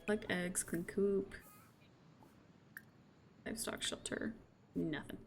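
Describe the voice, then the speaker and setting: A woman's voice: fairly low pitch, steady tone, slow pace, gravelly, soft background music. A young woman streamer chatting casually as she plays, talking to her game characters and voicing them playfully. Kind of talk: casual gameplay commentary.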